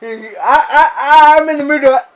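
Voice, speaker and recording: A man co-hosting a casual wrestling review, excitable and profane, often mimicking wrestlers and commentators. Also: very high-pitched, a little slow, rough recording. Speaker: podcast co-host.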